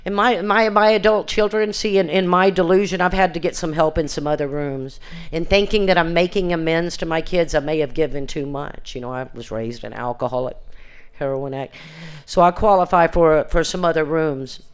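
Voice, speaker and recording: An older woman tells her recovery story at an alumni reunion. Her voice is smooth and clear, and she speaks in earnest, plain words. She often circles back and restarts her sentences and acts out the conversations she recalls. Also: low voice, moderate pace. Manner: earnest, plain-spoken, with frequent restarts and quoted exchanges. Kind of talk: personal testimony at a recovery reunion.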